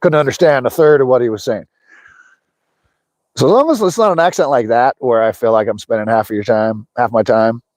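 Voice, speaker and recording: A man's voice: mid-range voice, a little fast, darkish tone, dry recording. A middle-aged American man hosting a fishing livestream outdoors, chatting loosely with his viewers and laughing often. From USA. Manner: rambling, talks to chat, laughs often. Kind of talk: casual livestream chat. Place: outdoors by a lake in the snow.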